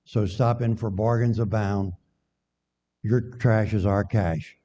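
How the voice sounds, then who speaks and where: A man's voice: lowish voice, steady tone, slow pace, warm tone. An older man, a guest preacher giving a chatty, joking sermon and bantering with the congregation in a church sanctuary. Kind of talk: folksy sermon with jokes. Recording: dull echoey church recording.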